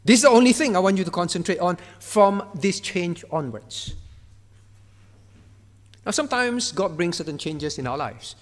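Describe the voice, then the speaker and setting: A male pastor delivers a sermon in a noticeably high voice. He is emphatic, repeating single words for stress and switching to a firm, commanding tone when he voices divine speech. Long reverb from the church hall trails each phrase. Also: expressive, normal speed. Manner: acts out God's words in a firm voice.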